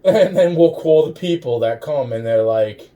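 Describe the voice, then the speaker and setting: A man's voice: on the high side, expressive, normal speed, mellow, muffled recording. A man in a rambling, profane monologue, swearing constantly and chuckling between phrases. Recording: distant mic with faint background noise.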